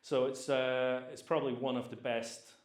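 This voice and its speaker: A young Scottish man, born Polish, chats through his past in a loose and rambling way, full of fillers and restarts. His voice sits at a middling pitch. The room around him is echoey. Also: flat delivery, moderate pace. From Scotland. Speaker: private chef, guest. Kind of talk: casual storytelling interview.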